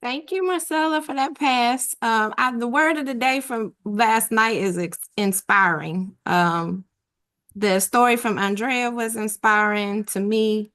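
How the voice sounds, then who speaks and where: A woman who is a new sales agent, sharing earnestly on a team video call and pausing often with ums. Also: on the high side, a bit bright. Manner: earnest, a little halting, many ums.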